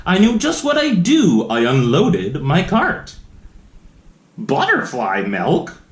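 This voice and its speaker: A man with a high voice reads a rhyming children's book aloud in a sing-song manner, his pitch swooping widely up and down. Reading a little slowly, he pauses for playful asides to his young listeners, and the sound has a roomy echo.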